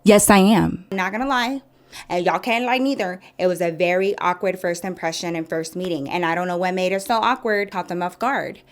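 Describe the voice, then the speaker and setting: A woman's voice: on the low side, brisk. Sassy, chatty woman telling a story. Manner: chatty and sassy, addresses viewers as girl and y'all. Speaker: storytime vlogger. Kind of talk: casual storytelling to the viewers.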